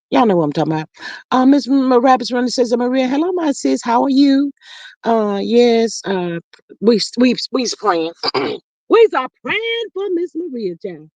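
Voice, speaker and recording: Woman host, chatty livestream banter, slightly high, dull dry sound. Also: big pitch swings, normal speed, no echo. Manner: chatty, calls listeners "child" and "y'all". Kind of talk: casual chat reading viewer comments.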